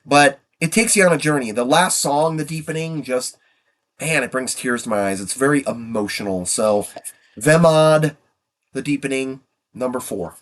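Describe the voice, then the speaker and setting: Man, 50s, mid-pitched, sniffly with a cold, rambling casual countdown delivery. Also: moderate pace, fairly bright tone. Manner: rambling, trailing off. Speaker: music reviewer.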